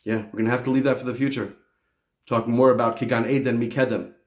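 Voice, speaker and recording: A man giving a casual video lecture as a religious teacher, talking in an animated, digressive and emphatic way. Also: medium pitch, quick pace.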